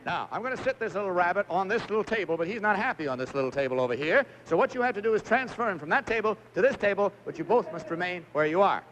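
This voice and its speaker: 1950s game show host guy, high voice, bouncy and jokey, muffled old tv audio w faint hiss. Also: lively intonation, fast talker, few pauses, a bit bright. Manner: chatty, jokey, coaxing contestants through stunts. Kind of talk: live TV game show hosting.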